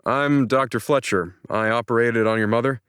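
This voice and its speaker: A man voicing a male doctor who speaks in a measured, apologetic way. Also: medium pitch, fairly bright tone, clean tone, no echo, studio quality, pitched above the performer's own voice, lightly acted. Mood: regretful. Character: middle-aged male doctor, calm and regretful.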